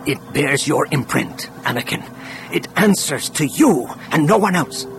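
A man's voice: on the high side, expressive, a little slow, vocal fry, fairly bright tone, heavily acted. Guy doing a wild-eyed pushy schemer, urgent, noisy background. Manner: urgent, pressing.

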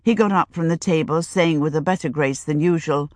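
A woman narrating an audiobook in a measured, even manner. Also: low voice, dry recording, studio quality.

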